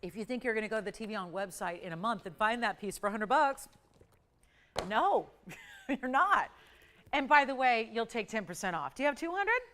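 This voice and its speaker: A woman hosting a live TV jewelry auction, calling out bids in brisk, upbeat sales patter. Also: fairly high pitch, animated, fairly bright tone, big-room sound. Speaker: live shopping auction host.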